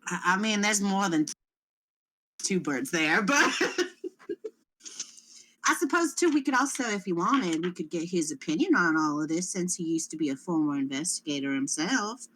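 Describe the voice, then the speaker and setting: A woman's voice: lowish voice, expressive, moderate pace, fairly bright tone. A woman playing in a tabletop game, playful and giggly, thinking aloud as she talks. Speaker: player. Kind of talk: tabletop role-play chat.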